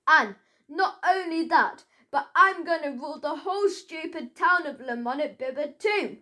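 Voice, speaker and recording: A woman's voice: high voice, animated, a little slow, sharp tone, exaggerated voice. A woman voicing a greedy, gloating old villain. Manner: gloating, roaring and laughing, coarse ungrammatical speech. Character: greedy nasty old man ruling a forest. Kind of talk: storybook character voice.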